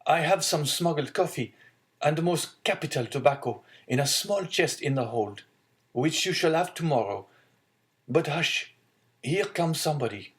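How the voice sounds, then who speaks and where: A man's voice: a little high, lively intonation, a little slow, voice pushed up. A man voicing an earnest young sailor of twenty, devoted to his father, reading from a storybook. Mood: joyful. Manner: earnest, pleading.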